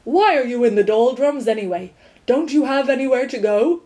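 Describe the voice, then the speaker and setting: A woman's voice: sits high, animated, moderate pace, dark tone, pitched above the performer's own voice. A woman voicing an impatient, blustering male watchdog with a clock for a body, barking and scolding in a storybook reading.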